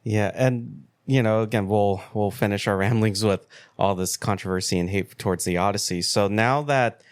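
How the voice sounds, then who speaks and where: A man co-hosting a movie podcast, calmly laying out and recapping online claims in casual chat. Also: fairly low pitch, normal speed, clear, resonant tone, no room sound, studio quality. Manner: steady, explanatory, recapping claims. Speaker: podcast co-host.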